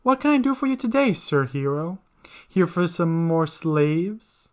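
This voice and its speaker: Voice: medium pitch, big pitch swings, measured pace. Narrator doing a fawning slave merchant. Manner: obsequious.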